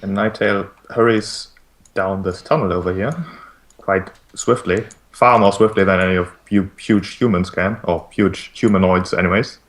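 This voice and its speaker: A man narrates a tabletop game as its game master, in a low voice. He often restarts his sentences with repeated words. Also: fairly even intonation, normal speed.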